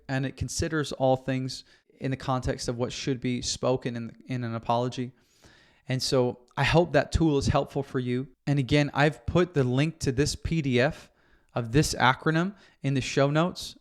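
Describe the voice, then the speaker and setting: A man hosting an advice podcast for husbands, explaining step by step in a coaching tone and checking in with "okay?". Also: medium pitch. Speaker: podcast host. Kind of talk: instructional podcast talk.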